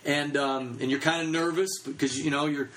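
A man's voice: on the high side, fairly even intonation, normal speed, fairly bright tone, a little hiss or hum, rough recording. A man in his thirties giving a casual teaching talk on children's ministry, chatty and full of fillers.

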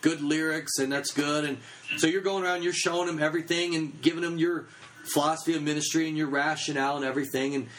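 Fast, chatty man telling a story. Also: fairly high pitch, steady tone, fairly bright tone, a little hiss or hum, rough recording. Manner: quick, chatty, full of fillers and restarts. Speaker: children's ministry speaker. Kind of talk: anecdotal teaching talk.

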